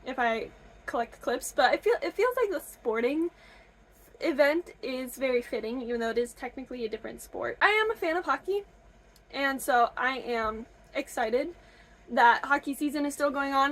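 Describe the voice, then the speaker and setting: A young woman from Michigan chatting casually in a reading vlog, gushing and excitable. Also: sits high, normal speed. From Michigan, USA. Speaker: book vlogger. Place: camper.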